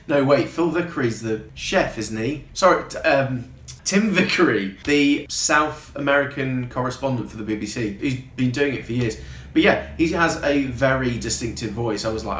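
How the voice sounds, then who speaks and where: This is a man talking through a film review in a loose, sarcastic way, dropping the odd swear word. His voice is mid-pitched. The room around him gives off a noticeable echo. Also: lively intonation, normal speed, a bit bright, slight background noise. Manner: wry, sarcastic, casually swearing. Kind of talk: casual film review vlog. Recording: roomy echo.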